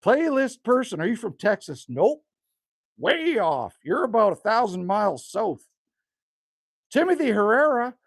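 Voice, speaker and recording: A man's voice: high voice, big pitch swings, unhurried, gravelly, slightly rough, dry recording, clean studio sound. An older man from Canada with a Canadian accent, casually chatting with livestream viewers from his cabin woodshed and reading out their names. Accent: Canadian, with bits of Newfoundland. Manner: chatty, reads out viewer names and answers them. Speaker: livestream host.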